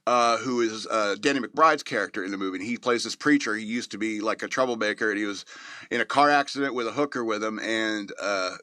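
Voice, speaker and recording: A man's voice: on the low side, fairly quick, pushed and bright, no room sound, clean studio sound. A man hosting a show, giving a casual, rambling movie review with many fillers and chuckles. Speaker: podcast host reviewing a movie.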